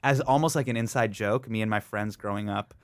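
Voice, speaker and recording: A man's voice: on the low side, brisk, smooth, dry recording. A man from the United States, a comedian guest in a studio interview, telling stories and acting out other people's lines. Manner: animated storyteller who acts out other people's lines. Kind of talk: conversational interview. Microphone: studio microphone.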